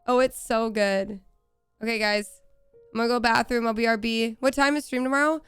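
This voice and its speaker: High-voiced excitable woman streamer. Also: fairly quick, clean tone, faint music behind. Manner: chatty, excitable, swears freely, laughs often. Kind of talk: casual live-stream chat. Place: home room.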